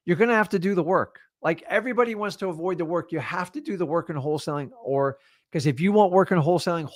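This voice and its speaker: Middle-aged man, blunt motivational coach, punchy delivery, slightly high voice. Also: fairly bright tone, no room sound, studio quality. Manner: blunt, punchy, swears casually. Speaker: real estate wholesaling coach. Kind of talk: motivational masterclass talk.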